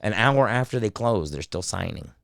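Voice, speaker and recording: A man on a podcast as a guest voice actor, chatting casually and telling profane stories with quick impressions. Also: fairly low pitch, animated, vocal fry, no room sound, studio quality. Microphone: studio mic.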